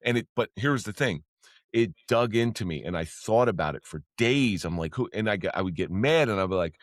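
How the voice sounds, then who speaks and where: A former police officer talks as a podcast guest in a low voice with a dry, close sound and no room around it. He tells his stories plainly and candidly, with swearing, and his pitch leaps upward whenever he gets excited. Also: a little fast, dry recording. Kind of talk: casual storytelling.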